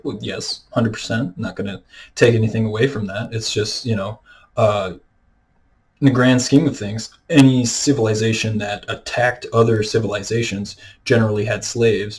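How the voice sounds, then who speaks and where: Filming himself on a camera mic, a video creator with a lowish voice rants straight into the lens, unscripted and rambling, full of fillers and restarts. The recording is rough.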